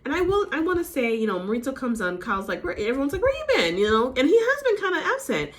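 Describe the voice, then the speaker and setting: A chatty woman talks through a reality show episode in a casual recap. Her pitch swings up and down a lot as she gets animated. Now and then she mimics the people she is talking about. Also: quick pace. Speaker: recap host.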